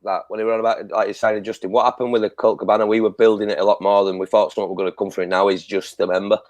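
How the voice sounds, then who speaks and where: A man's voice: on the low side, flat delivery, very fast, darkish tone, no room sound. A man co-hosting a casual review chat. He rants heatedly and swears heavily. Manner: heated ranting, heavy swearing. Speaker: podcast co-host.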